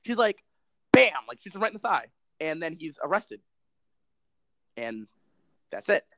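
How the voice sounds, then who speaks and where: A man recapping a movie in casual chat, animated and sarcastic, with lots of swearing. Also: fairly high pitch, measured pace, gravelly, no echo, rough recording. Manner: animated, profane storytelling with sarcastic asides. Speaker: movie reviewer.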